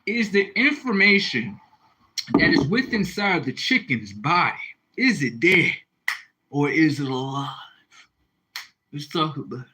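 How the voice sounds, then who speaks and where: A man's voice: fairly high pitch, very animated, a little slow, long pauses, bright, forceful tone, slight background noise, rough recording. A man hosting a livestream, talking casually and profanely, rambling and reading out viewer comments. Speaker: livestream host.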